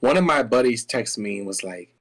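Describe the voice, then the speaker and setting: A man's voice: mid-range voice, brisk, poor audio. Rambling young man telling a story. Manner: rambling, animated storyteller with many restarts. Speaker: guest. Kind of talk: casual storytelling chat.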